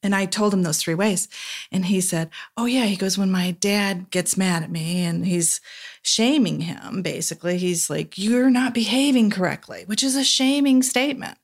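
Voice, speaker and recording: A woman, a therapist, talking through an idea in a relaxed podcast chat, now and then acting out quoted voices softly. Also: fairly low pitch, normal speed. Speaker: therapist guest. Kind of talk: casual podcast conversation.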